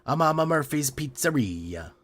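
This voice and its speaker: A man putting on a deliberately bad pizza-parlor accent, playing a hammy male pizzeria owner with slow, exaggerated delivery. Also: on the high side, very animated, fairly bright tone, pitched above the performer's own voice. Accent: put-on pizza-parlor accent.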